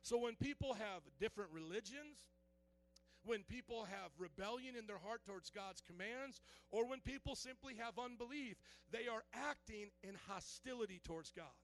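A man's voice: high-pitched, expressive, normal speed, faint music behind. A male pastor preaching a sermon in a conversational way, quizzing the congregation with questions and dropping joking asides.

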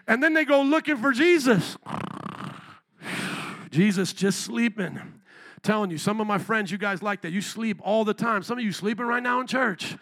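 A male pastor preaching a lively sermon in church, acting out quick voices and rising to shouts. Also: high voice, creaky. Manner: animated preaching, acts out voices.

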